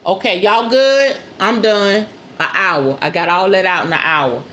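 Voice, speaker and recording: A woman's voice: medium pitch, unhurried, a bit bright, reverberant, dull audio, a little hiss or hum. A woman hosting a spiritual talk show in a casual monologue, blunt and preachy. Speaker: host.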